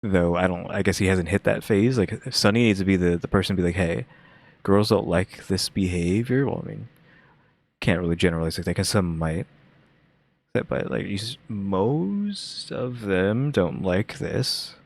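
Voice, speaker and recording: A man's voice: sits low, normal speed, vocal fry. A young man hosting a reaction video, talking casually and musing aloud with lots of fillers. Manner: rambling, musing, many fillers.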